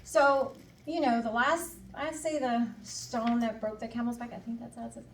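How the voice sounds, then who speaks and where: A woman at a conference gives a frank personal testimony, dramatizing her own past dialogue and inner voice at normal speed, her fairly high voice steady in tone. Slight background noise accompanies the echoey, distant hall recording.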